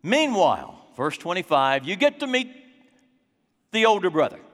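A man preaching a sermon, dramatic and acting out scenes, slowing down for emphasis in a church hall. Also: high voice, very animated, fairly bright tone.

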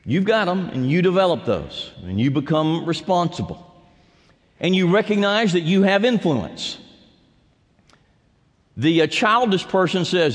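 Animated male pastor in a reverberant hall. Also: unhurried. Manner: animated preaching, swinging from loud calls to quiet low asides. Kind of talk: sermon.

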